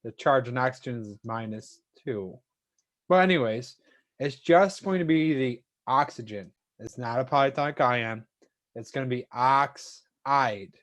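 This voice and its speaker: A man's voice: mid-range voice, unhurried, fairly bright tone. Casual man teaching an online chemistry class. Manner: casual, thanks students one by one.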